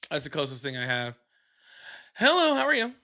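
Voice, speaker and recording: A man's voice: on the high side, wildly swooping pitch, brisk, pushed and bright. A man hosting a live call-in stream, joking and laughing often, chatting casually with callers. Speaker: livestream host.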